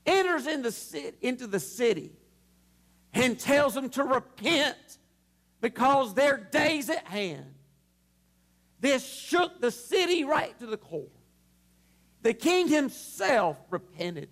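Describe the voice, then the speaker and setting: A male pastor preaching a sermon to his congregation at a church service, impassioned and swelling to shouts. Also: very high voice, sing-song, slow pace, long pauses.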